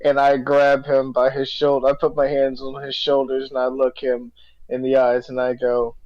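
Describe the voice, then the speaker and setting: A man's voice: mid-range voice, monotone, normal speed, no room sound. A man casually describing his character's actions in a tabletop game. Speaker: player. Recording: dry, dull-sounding mic.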